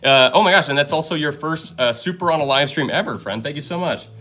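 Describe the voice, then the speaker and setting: Excitable man streaming puzzle games. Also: on the high side, fast. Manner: upbeat, excitable, thanks viewers often. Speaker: live-stream host. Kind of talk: casual live-stream chat while solving puzzles.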